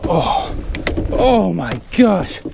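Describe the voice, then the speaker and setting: Excitable man fishing on a boat. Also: sits high, drawn-out words, vocal fry, background noise. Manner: excitable, exclaiming, breathless. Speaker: fishing vlogger. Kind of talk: excited fishing vlog narration. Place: on a small boat at sea, outdoors.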